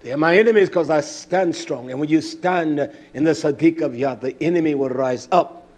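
Fervent higher-voiced male preacher. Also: normal speed. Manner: fervent, rising to shouts, then quieter and reflective; repeats hallelujah as he speaks. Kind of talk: sermon.

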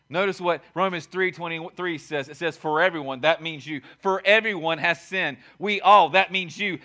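A man preaching a sermon as pastor, emphatic and repetitive, swinging from shouted lines to quiet asides. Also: high voice, normal speed, hardly any pauses. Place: church sanctuary.

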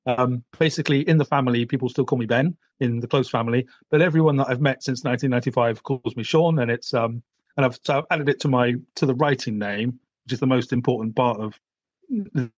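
A man's voice: mid-range voice, no echo. A man with a stutter, telling a candid personal story as a podcast guest in a wry, easygoing way. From Britain. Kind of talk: casual conversation. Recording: dry, slightly dull audio.

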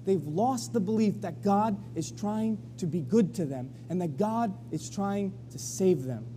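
A man preaching a sermon in a church, telling the story in a lively way and acting out the voices of the people. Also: sits high, measured pace, a little hiss or hum. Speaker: pastor. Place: church sanctuary. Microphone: live stream.

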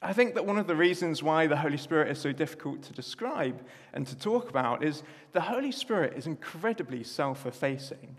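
A man preaching in a church, chatty and quick to joke at himself. His voice sits a little high for a man, and it echoes around the long reverb of the hall. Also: expressive, husky. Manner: chatty, self-deprecating asides. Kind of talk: sermon.

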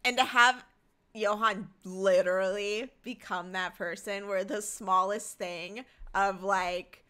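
A woman's voice: medium pitch, steady tone, takes it slowly, pushed and bright, clean tone. A woman co-hosting a podcast, talking casually and eagerly about a manga. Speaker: podcast co-host. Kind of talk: casual book club chat.

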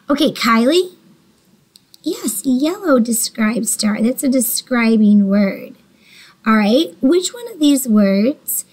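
A woman teacher leads a reading lesson for small children. She speaks slowly and patiently in a slightly high voice and gently encourages each child by name. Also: poor audio.

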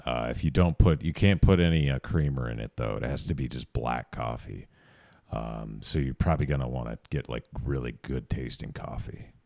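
A man's voice: rumbling low, moderate pace, gravelly, a little mellow, no echo, studio quality. A man hosting a reaction video, chatting casually and rambling off into asides with small laughs. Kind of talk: casual commentary.

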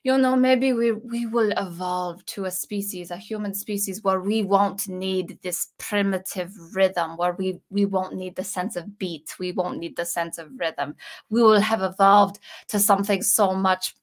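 A man's voice: high-pitched, fairly even intonation, a little slow. A woman doing a brief impression of a lofty, visionary male film composer, musing grandly about the future. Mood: grandiose.

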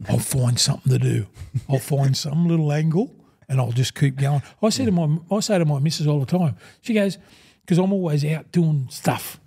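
Gruff-toned Australian older man, lively yarns. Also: fairly high pitch, normal speed. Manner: animated yarn-spinner, acts out quoted dialogue, says "mate" constantly. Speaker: guest, former rugby league player and broadcaster. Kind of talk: casual interview storytelling.

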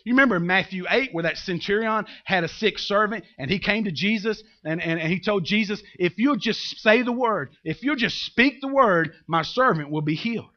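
A man's voice: high-pitched, animated, moderate pace, hardly any pauses, muffled recording. A man preaching a sermon as pastor, telling the story with humor and acting out the characters.

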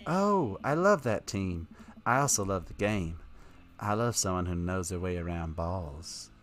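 A man's voice: low voice, animated, measured pace, slight background noise. A man voicing a tipsy, flirty middle-aged woman at a bar with a drawling Southern US accent.

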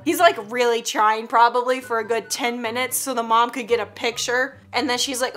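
A woman's voice: on the high side, fairly even intonation, moderate pace, hardly any pauses, fairly bright tone, soft background music. A woman hosting a casual reaction video, joking and teasing with frequent giggles. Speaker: YouTube reaction host.

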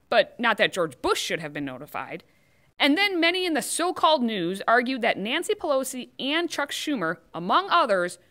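A woman's voice: fairly high pitch, sharp tone. A woman hosting scripted political commentary, delivering it with sarcastic, mocking asides.

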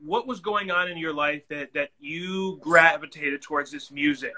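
A man's voice: on the high side, moderate pace, sharp tone, rough recording. A man hosting a podcast interview, asking earnest, reflective questions. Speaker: podcast host.

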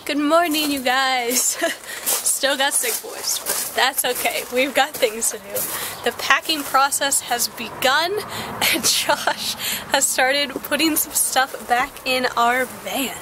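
A hoarse woman with a cold chats slowly into a handheld camera, laughing often. Her voice sits a little high. Faint noise hangs behind her. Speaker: vlogger. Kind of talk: casual travel vlog.

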